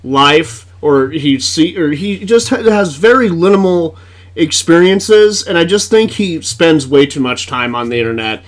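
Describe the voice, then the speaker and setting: High-voiced, profane man reacting. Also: animated, measured pace. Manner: blunt, profane, exasperated, laughs often. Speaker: video reaction commentator. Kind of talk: casual reaction commentary.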